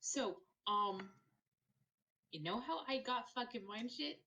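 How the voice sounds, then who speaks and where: Slow-paced yet animated, this woman's voice is fairly high, bright and forceful. She's a player in a casual tabletop game, rambling, swearing and filling her speech with fillers.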